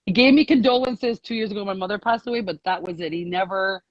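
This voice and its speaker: A woman's voice: medium pitch, fast, no echo, muffled recording. A woman guest on a casual live call, telling her story in a chatty, rambling way, full of "like"s and laughter. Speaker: guest sharing a success story.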